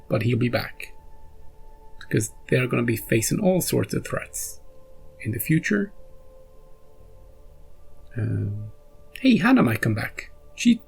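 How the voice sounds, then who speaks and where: A man's voice: mid-range voice, creaky, breathy edge. A man hosting a reaction video, chatting casually and rambling after an episode, often restarting and chuckling.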